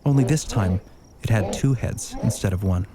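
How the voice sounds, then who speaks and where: A man's voice: on the low side, moderate pace, crowd noise. A man hosting a podcast, reading a story aloud and chatting casually, laughing easily. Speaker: podcast host.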